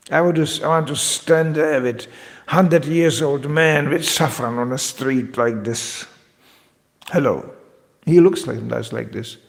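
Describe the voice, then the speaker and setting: A man giving a devotional lecture as a spiritual teacher, lively and joking, often acting out other people's voices. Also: on the high side, vocal fry, long reverb tail.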